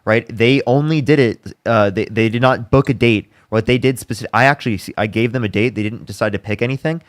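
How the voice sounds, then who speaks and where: Fast-talking man hosting a heated debate. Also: medium pitch, no echo, studio quality. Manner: fast, insistent, repeats demands. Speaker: debate livestream host.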